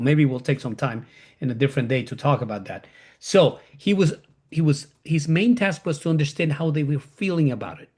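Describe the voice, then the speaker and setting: A man's voice: on the high side, a little mellow, husky. A man teaching a Bible class, repeating key phrases, often restarting and correcting himself as he explains.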